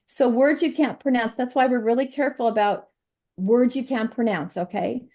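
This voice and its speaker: A middle-aged woman giving a chatty, animated nutrition presentation over slides, laughing often. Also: fairly high pitch, normal speed.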